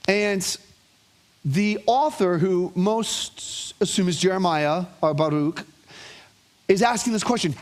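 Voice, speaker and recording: A pastor with a high-sitting voice preaches a sermon to his congregation at a measured pace. He tells stories with animation and calls for responses from the room in a call-and-response style.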